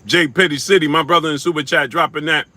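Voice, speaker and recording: A fast-talking livestream host with a slightly high, steady voice that sounds pushed and bright reads out viewer names and super chats. His shout-outs are slangy and laid-back, and he sometimes chews while talking.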